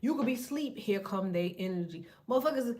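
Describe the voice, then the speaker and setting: Woman doing a tarot reading, kinda high voice, blunt and cussing a lot, preachy. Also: lively intonation, fairly quick, a little mellow. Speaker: tarot reader. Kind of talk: casual tarot reading monologue.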